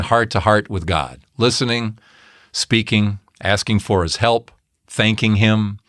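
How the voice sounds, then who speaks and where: A man's voice: on the low side, fairly bright tone, no echo, clean studio sound. A man hosting a podcast, reflecting in short phrases. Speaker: podcast host. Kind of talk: casual chat.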